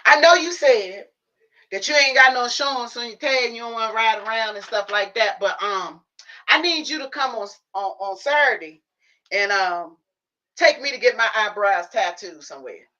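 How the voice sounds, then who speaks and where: Woman doing a fussy elderly mom, pitched high and bright, lo-fi livestream audio. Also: expressive. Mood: pleading. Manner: fussing, complaining rapid chatter. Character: elderly mother, fussy and full of energy.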